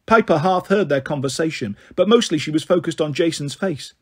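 A male reader narrating a fantasy novel aloud. His voice is husky and sits high for a man, with a steady, expressive delivery. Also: brisk, hardly any pauses. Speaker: audiobook reader. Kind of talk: storybook narration.

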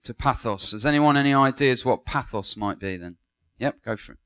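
A man's voice: medium pitch, a little fast, a bit bright, clear, resonant tone. A man giving a Bible school classroom lecture, engaging, asking students questions and praising their answers.

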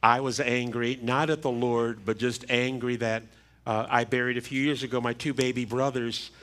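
Middle-aged male pastor, funeral sermon, mid-pitched voice, slow halting repeats, church mic. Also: steady tone, a bit bright. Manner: measured, halting delivery with repeated words. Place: church sanctuary. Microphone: livestream church microphone.

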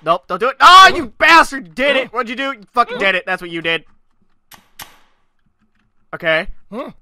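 A gaming channel host giving let's-play commentary, excitable, yelling and swearing at the game. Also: medium pitch, normal speed.

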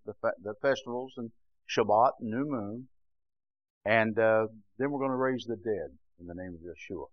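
An older man preaching a fervent sermon that swings from low, quiet passages to loud, shouting peaks, often saying "bless God". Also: no room sound, highs cut off.

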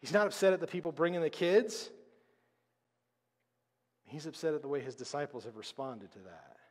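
A man preaching a sermon as pastor, conversational and emphatic, with dramatic pauses. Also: a little high. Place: church sanctuary. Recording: long reverb of a church hall.

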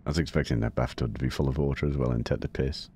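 A young man hosting a horror game let's play, deliberately keeping his voice low and quiet so he doesn't set off the mic, muttering casual, swear-laden commentary as he plays. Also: fairly even intonation, creaky, a little hiss or hum. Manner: hushed, talking low to keep quiet. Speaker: gaming channel host.

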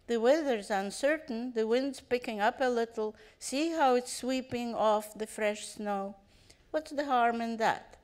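A woman's voice: a little high, a little slow, darkish tone, clear, resonant tone, natural voice. A woman voicing a wary, deferential male coachman while reading a story aloud.

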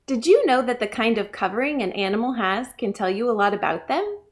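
Animated woman reading to children. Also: on the high side, fairly quick. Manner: bright, animated, addresses children. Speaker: library storyteller. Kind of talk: children's story time reading.

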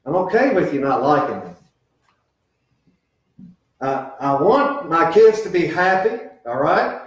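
This sermon comes from a middle-aged pastor whose slightly high voice has a sing-song lilt and a measured pace. Speaking earnestly yet conversationally about raising children, he slips in quoted voices, heard through a distant mic in an echoey sanctuary.

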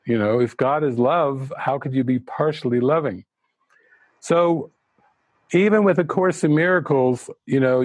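A man giving an earnest, reflective retreat talk as a spiritual teacher, slowing down to stress key words. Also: mid-range voice, a little mellow, dry recording.

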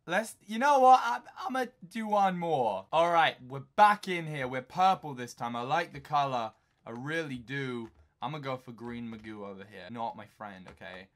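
Talking to himself over a video game, this young English YouTuber keeps up an excitable, joking commentary punctuated by abrupt shouts. His voice is mid-range and his speed is normal.

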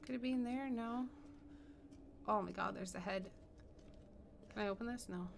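A woman's voice: mid-range voice, moderate pace, gravelly, a little hiss or hum. A young woman doing horror game commentary, scared and swearing as she talks herself through it. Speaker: gaming streamer.

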